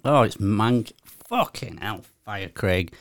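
A man's voice: fairly low pitch, expressive, slow. A man with a Yorkshire accent grumbles and swears his way through a casual podcast chat. The sound is dry and close, with no room echo. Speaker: podcast co-host.

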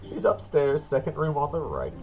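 A man's voice: fairly high pitch, huge pitch swings, moderate pace, darkish tone, voice pushed up, poor audio. A man voicing an old, gap-toothed woman innkeeper who chatters with blunt, sly digs, in a tabletop game. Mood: teasing.

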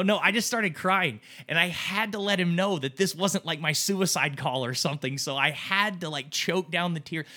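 A man's voice: high voice, bright, forceful tone. A man in his thirties co-hosting a casual chat, telling an emotional story in a rambling way with many restarts and some swearing. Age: 30s. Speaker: podcast co-host.

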